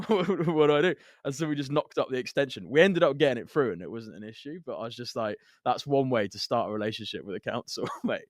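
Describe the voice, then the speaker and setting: Laughing English podcast co-host, dry mic. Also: male voice, medium pitch, lively intonation, quick pace, hardly any pauses, dry recording. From England. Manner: laughing storyteller, acts out quotes loudly. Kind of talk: casual chat.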